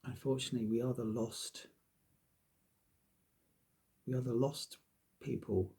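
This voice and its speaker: A man's voice: mid-range voice, steady tone, a little slow, mellow. A man rambling casually to his viewers, self-deprecating and swearing freely. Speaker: vlogger. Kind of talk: casual rambling monologue to camera.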